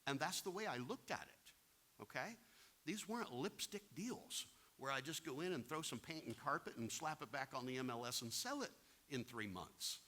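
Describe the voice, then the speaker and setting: With a medium-pitched, sharp voice, a plain-spoken man talks animatedly at normal speed. He's running a real estate investing seminar, speaking directly to listeners and acting out anecdotes.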